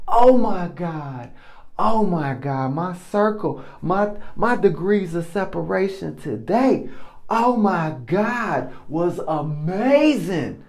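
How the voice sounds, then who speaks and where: A man's voice: high voice, animated, slow, darkish tone. A man giving a casual testimony monologue into his own recording mic, effusive and exclamatory, repeating himself often. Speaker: podcast host.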